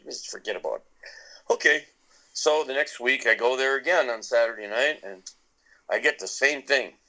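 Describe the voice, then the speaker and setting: A middle-aged man tells a long story on a podcast in a loose, rambling way. He restarts his sentences again and again, and his voice sits at an ordinary middle pitch. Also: moderate pace, bright, forceful tone, low-quality recording. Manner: rambling with many restarts and laughs. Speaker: podcast guest, musician. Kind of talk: casual storytelling.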